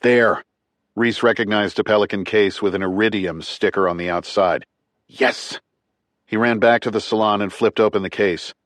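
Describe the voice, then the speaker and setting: A man narrating a thriller audiobook in a tight, clipped, measured way. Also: lowish voice, fairly even intonation, no room sound.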